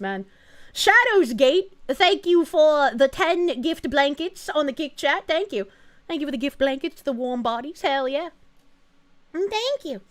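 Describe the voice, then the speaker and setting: High, lively woman streamer. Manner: excitable, profane, quick reactions with frequent laughs. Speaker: VTuber streamer. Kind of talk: casual live-stream chat reading donations.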